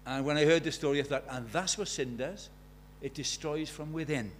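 A man preaching a sermon in a church, emphatic, asking rhetorical questions and swinging from loud to hushed. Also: on the high side, normal speed, a little hiss or hum.

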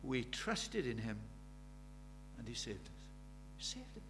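A middle-aged man preaching a sermon. He drops to near-whispers and then rises to loud, urgent questions. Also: medium pitch, big pitch swings, unhurried, background noise. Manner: swings from hushed intimacy to loud urgent questions.

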